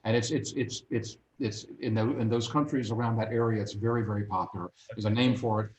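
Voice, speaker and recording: A man telling lively anecdotes as a guest in a casual interview, acting out little voices along the way. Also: on the low side, fairly quick, a little hiss or hum. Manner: animated, acts out voices in anecdotes. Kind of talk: casual storytelling. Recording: roomy echo.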